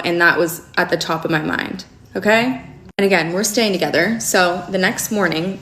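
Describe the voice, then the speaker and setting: A young woman telling a long personal story to camera in a casual, animated storytime vlog, full of fillers and asides. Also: on the low side, roomy sound. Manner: animated, chatty, frequent fillers. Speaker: storyteller recounting a relationship.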